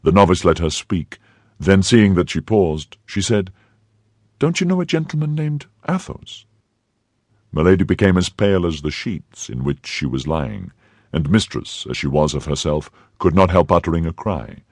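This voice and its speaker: Deep husky male audiobook narrator. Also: normal speed, a little mellow, no echo, studio quality. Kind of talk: classic novel narration.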